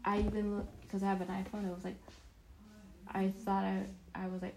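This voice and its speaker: A woman's voice: medium pitch, steady tone, brisk, long pauses, a little mellow, a little hiss or hum, poor audio. A young woman vlogging casually, telling a self-deprecating story in a rambling, chatty way with many restarts.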